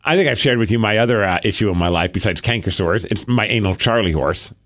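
A man co-hosting a podcast in casual chat, telling animated stories while complaining about a painful sore mouth. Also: lowish voice, fast. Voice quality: sore mouth from canker sores. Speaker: podcast co-host.

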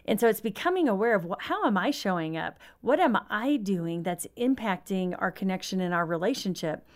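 A woman's voice: mid-range voice, lively intonation, brisk. A woman who works as a marriage counselor, guesting on a talk show and speaking earnestly about couples she works with. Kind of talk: casual talk show chat.

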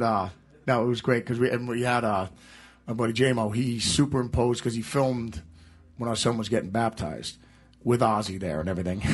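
A man's voice: mid-range voice, slightly rough. A man being interviewed as a guitarist, telling rambling anecdotes and laughing through them. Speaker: guitarist guest. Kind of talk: casual storytelling interview.

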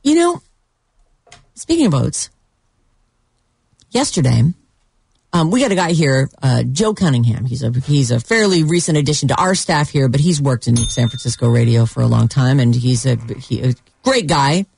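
A woman radio host chatting in a lively, swooping voice with a gravelly, husky edge. She tells stories with animation and laughs often. The sound is dry and close. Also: extremely low pitch, moderate pace, dry recording. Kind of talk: casual radio banter.

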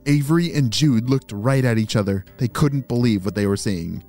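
A children's storyteller and host narrates stories for kids in an enthusiastic, playful way. His mid-range voice is a little mellow and moves at a moderate pace with few pauses, over soft background music.

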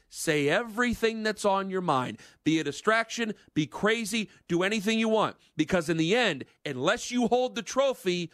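A man's voice: high-pitched, a bit bright, no room sound. A man hosting a sports talk radio show, ranting in an emphatic, fired-up monologue into a studio microphone.

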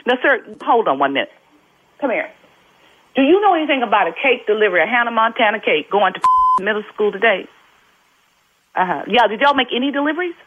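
A woman's voice: on the high side, sing-song, quick pace, long pauses, husky. A woman who owns a bakery, answering the phone politely but firmly and insisting on her point. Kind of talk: phone conversation. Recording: narrow tinny phone line.

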